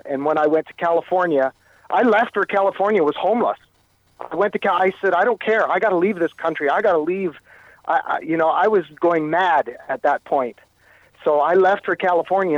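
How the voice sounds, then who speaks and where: Halting man telling a harrowing story. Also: a little high, no echo, muffled recording. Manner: halting, repeats words while recounting. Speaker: interview guest. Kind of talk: telling a personal story in conversation.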